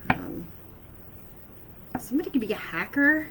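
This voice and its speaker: A woman's voice: a little high, very animated, moderate pace, fairly bright tone, slight background noise, low-quality recording. A woman speaking casually to her viewers as an intuitive reader, hesitant, with many fillers and checks of "okay?". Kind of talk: casual spoken message to camera.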